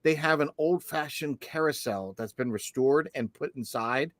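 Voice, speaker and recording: A man's voice: fairly high pitch, moderate pace, no room sound. Rambling man telling stories, dry sound. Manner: rambling, storytelling with restarts. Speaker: podcast co-host. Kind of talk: casual podcast chat.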